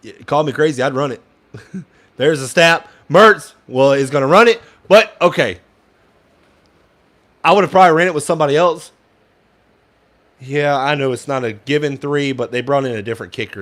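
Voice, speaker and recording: A man's voice: medium pitch, normal speed, long pauses, a bit bright. A young man giving casual fan play-by-play commentary, frustrated and ranting at the play calling, sometimes swearing.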